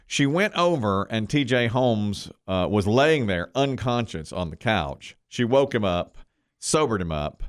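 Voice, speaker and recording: A middle-aged man hosts a casual talk show, telling stories with plenty of acted-out quotes. His voice sits low but swings widely as he talks, and the sound is close and dry. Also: animated, unhurried, clear, resonant tone, no room sound. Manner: chatty storyteller, acts out quotes. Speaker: radio show host.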